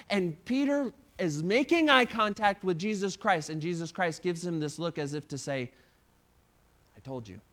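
A male pastor preaching a sermon, retelling a story with acted-out quotes and dropping to hushed tones at moving moments. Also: high-pitched.

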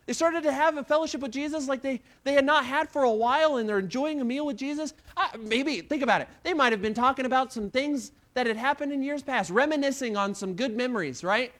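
A pastor preaching a sermon, retelling a scripture story with sharp swings between hushed and loud passages and frequent repeated words. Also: male voice, very high voice, brisk, few pauses. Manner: repeats words and restarts often.

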